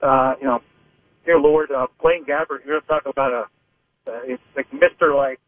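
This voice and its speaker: High-voiced man on a phone line. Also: normal speed, no echo. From Pittsburgh. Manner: rambling, hesitant, many restarts. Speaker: sports reporter guest. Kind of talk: phone-in sports radio analysis.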